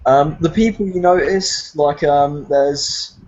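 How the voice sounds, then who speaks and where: A man's voice: fairly high pitch, slow pace, darkish tone, a little hiss or hum. British guy running a tabletop game, rambly, lots of ums, muffled lo-fi sound. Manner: rambling, many fillers. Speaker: game master.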